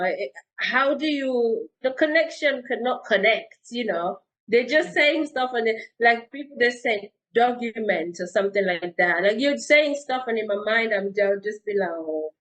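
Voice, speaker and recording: A woman's voice: a little high, a bit bright, poor audio. Frank woman co-host telling a story. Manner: candid, storytelling, frank opinions. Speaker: talk show co-host. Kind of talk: casual chat.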